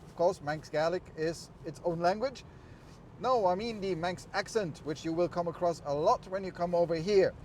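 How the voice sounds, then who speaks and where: A middle-aged man with a light German accent vlogs from the open top of a convertible. He talks in a chatty, explanatory way, and his voice sits a bit high. Faint road and car noise runs under his voice. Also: normal speed, darkish tone. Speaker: vlogger. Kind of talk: casual vlog while driving. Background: road and vehicle noise.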